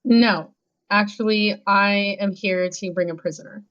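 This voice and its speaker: A woman's voice: a little high, brisk, a bit bright, no room sound, highs cut off, lightly acted. A woman voicing an impatient young woman in a tabletop game, a prisoner who demands to be cuffed and taken in. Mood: determined. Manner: demanding, pushy.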